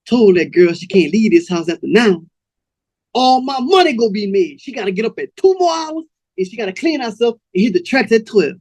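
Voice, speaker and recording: A man voicing a smooth, cold-hearted male pimp who talks in a slow, cool, menacing drawl. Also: sits high, lively intonation, a little mellow, no echo, voice pushed up.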